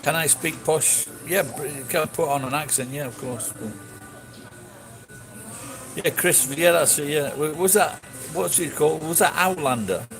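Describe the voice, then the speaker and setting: A man's voice: fairly high pitch, unhurried, poor audio. A man chatting casually with his audience, blunt and sweary, rambling through restarts. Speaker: streamer answering chat. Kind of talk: casual chat. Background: music.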